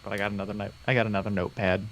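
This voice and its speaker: A man's voice: on the low side, flat delivery, racing, slight background noise. A man co-hosting a hobby livestream in casual chat, laid-back and jokey, laughing a lot. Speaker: livestream co-host.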